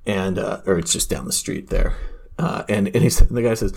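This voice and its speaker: A man's voice: fairly low pitch, normal speed, vocal fry, darkish tone, breathy edge. A man telling stories and arguing in a casual podcast chat, rambling with restarts and laughter.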